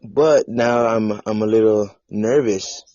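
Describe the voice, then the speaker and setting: A man's voice: lowish voice, takes it slowly, warm tone, no room sound. A man hosting a casual video chat, playful and teasing his guest, heard over a video call. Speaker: host. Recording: muffled lo-fi audio.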